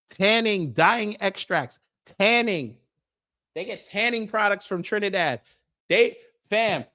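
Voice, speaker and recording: Going through a list on a casual reaction stream, a male commentary streamer cracks jokes and speaks directly to his viewers. He has a high-pitched voice with a fairly bright tone.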